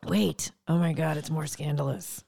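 Brief: young woman, low-ish voice, casual podcast co-host, laughs easily, dry close sound. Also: fairly even intonation, creaky, dark tone, no room sound. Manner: laughing, joking, quick asides. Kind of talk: casual news chat.

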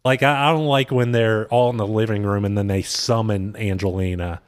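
A man's voice: lowish voice, steady tone, normal speed, no echo. A man in casual podcast chat, rambling through a reality-show recap with lots of fillers. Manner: rambling recaps with quoted impressions. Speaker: podcast co-host.

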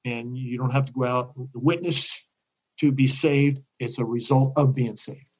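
Older male guest, mid-range voice, chatty animated storyteller. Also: medium pitch, measured pace, breathy edge, poor audio. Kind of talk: casual interview talk.

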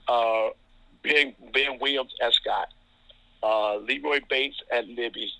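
A man from Ohio, a basketball referee, telling anecdotes about coaches in a relaxed interview, chuckling often. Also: mid-range voice, takes it slowly, no room sound, poor audio. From Toledo, Ohio. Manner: chuckling, anecdotal, lots of fillers. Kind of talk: casual storytelling interview.

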